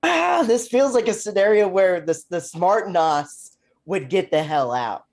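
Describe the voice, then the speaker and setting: A man's voice: sits high, lively intonation, unhurried. A man playing a tabletop role-playing game, thinking aloud in a hesitant, deliberating way. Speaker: player.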